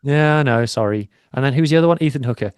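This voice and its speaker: A man's voice: mid-range voice, fast talker, a little mellow, smooth, no room sound, clean studio sound. A man co-hosting a rugby podcast, chatting casually in a chatty, self-deprecating manner. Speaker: podcast co-host. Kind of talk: casual chat.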